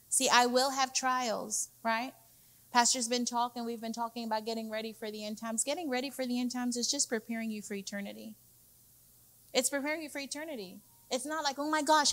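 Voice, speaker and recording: A woman executive pastor preaching a sermon, emphatic and repeating key phrases, calling the congregation "y'all". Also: fairly high pitch. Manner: addresses listeners as "y'all".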